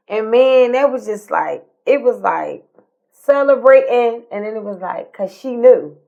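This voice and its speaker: A woman, co-hosting a podcast, telling a personal story in casual talk, by turns animated and tearful, dropping to near-whispers. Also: a little high, a little slow, creaky, lo-fi sound. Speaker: podcast co-host.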